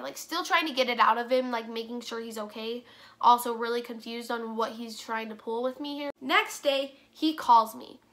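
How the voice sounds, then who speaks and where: Teen girl vlogger, bright voice, a bit high, chatty storytime, lots of fillers. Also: moderate pace. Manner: chatty, fillers, quotes others in dialogue. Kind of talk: casual storytime.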